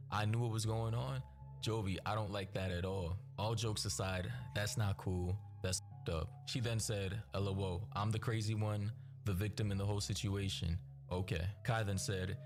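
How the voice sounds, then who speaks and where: A man with a very low voice reads a scripted recap in a steady, even delivery. He reads text messages aloud one after another, and loud background music plays under his voice. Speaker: narrator of a news recap video.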